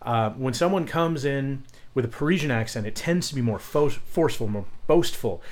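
Casting: wisecracking male co-host, middle pitch, loose and chatty. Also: animated. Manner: jokey, quick asides, laughs easily. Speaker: podcast co-host. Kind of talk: casual chat about accents.

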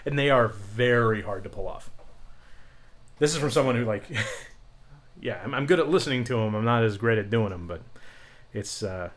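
A man's voice: on the low side, animated, normal speed, pauses often. A young man co-hosting a podcast in casual chat, rambling loosely with frequent fillers and casual swearing. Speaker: podcast co-host.

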